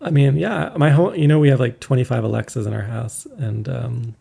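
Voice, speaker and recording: A man from Canada chats casually as a podcast host, joking dryly as he goes. His voice is deeply gravelly and somewhat husky, with a dark, mellow tone. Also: a little fast. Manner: wry, joking. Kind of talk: casual chat. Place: home in Toronto.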